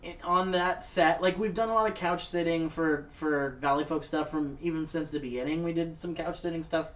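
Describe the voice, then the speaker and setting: A man's voice: a little high, normal speed, a bit bright. A man in casual chat as a show cast member, rambling and laughing often. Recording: distant mic with faint noise.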